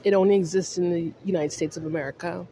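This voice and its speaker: A woman's voice: on the low side, fairly even intonation, fast, warm tone, slight background noise. A woman from Canada with a Canadian accent with Jamaican undertones, ranting casually to camera in a rambling way while snacking on chips. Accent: Canadian English with Jamaican undertones. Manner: rambling, repeats "I'm just saying", many fillers.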